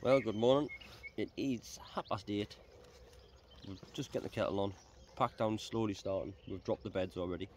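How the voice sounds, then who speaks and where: A man's voice: fairly low pitch, moderate pace. Chatty man fishing outdoors. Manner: chatty, relaxed, repeats words. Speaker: angler and channel host. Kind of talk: casual outdoor vlog chat. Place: outdoors by a reservoir. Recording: faint outdoor noise. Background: birds and rural ambience.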